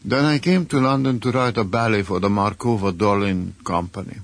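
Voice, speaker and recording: An older man with a Hungarian accent, a composer telling a lively anecdote as a radio interview guest. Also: fairly low pitch, fairly quick. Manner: lively storyteller, acts out quoted voices.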